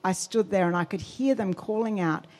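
A woman giving a sermon testimony, telling her story with animated quotes and emphasis. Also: medium pitch, normal speed. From Australia.

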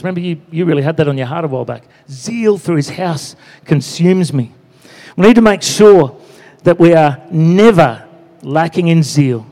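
A man preaching in a church, his voice a touch high and ringing out with a long hall reverb. He keeps it chatty, peppering his sermon with "you know" and calls of "amen?". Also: a little mellow. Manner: conversational, frequent "you know" and "amen?" asides. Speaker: pastor.

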